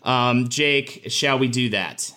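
A man co-hosting a casual podcast, animated and quick to laugh, with frequent restarts. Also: medium pitch. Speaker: podcast co-host.

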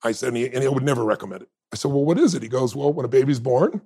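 A man in his fifties, a podcast guest with a gravelly, husky mid-range voice, tells a personal story at a racing pace with animated delivery as a crowd murmurs in the background. He acts out quoted dialogue and laughs often.

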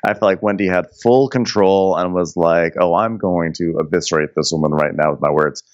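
A man's voice: deep voice, a little fast, no echo, lo-fi sound. A man co-hosting a podcast, recapping a reality show in gossipy casual chat with dramatic impressions. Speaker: podcast co-host.

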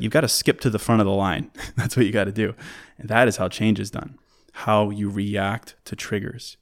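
Gravelly-voiced man giving relationship advice. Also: on the low side. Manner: conversational and earnest, restarts words, lists points. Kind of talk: solo advice talk.

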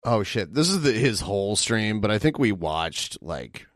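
A man's voice: on the low side, very animated, measured pace, no room sound, soft background music. Podcast host man, dry close voice. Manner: loose, off-the-cuff reactions. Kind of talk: casual chat.

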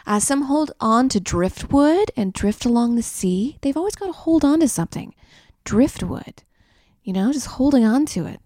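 A woman's voice: medium pitch, darkish tone, dry recording, clean studio sound. A young woman hosting a podcast, riffing through a crude, rambling comedic monologue. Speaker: podcast host.

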